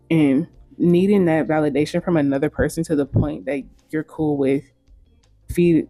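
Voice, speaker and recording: Woman host, blunt frank commentary, mellow voice, swears casually, faint music behind. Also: sits low, no room sound. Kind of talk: opinionated commentary.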